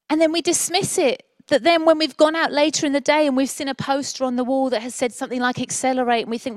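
A woman's voice: high voice, fairly even intonation, fast, hardly any pauses, dry recording. A middle-aged woman preaching a sermon, telling a family story with earnest, encouraging passion.

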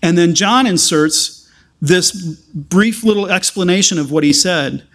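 A man preaching a sermon, earnest and halting, with frequent restarts that build to emphatic stretches. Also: high voice.

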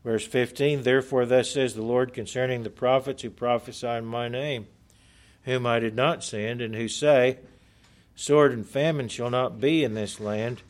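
A man's voice: medium pitch, steady tone. Earnest male preacher delivering a sermon. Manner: earnest, emphatic, slows for stress.

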